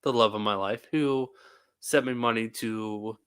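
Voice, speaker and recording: A man's voice: on the low side, steady tone, unhurried, a bit bright, smooth. A tired man hosting a live stream, chatting in a rambling, talkative way and laughing often. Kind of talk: casual live-stream chat.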